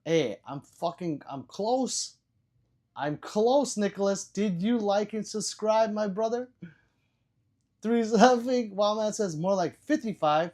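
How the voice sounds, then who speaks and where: An older man hosting a livestream, reading chat aloud in a profane, rambling way, stammering and repeating words and swinging between loud bursts and low mutters. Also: takes it slowly. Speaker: livestream host.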